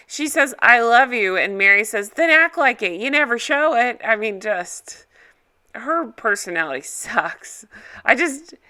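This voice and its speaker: A woman's voice: mid-range voice, sharp tone. A woman hosting a reaction video, giving a casual, blunt and opinionated recap.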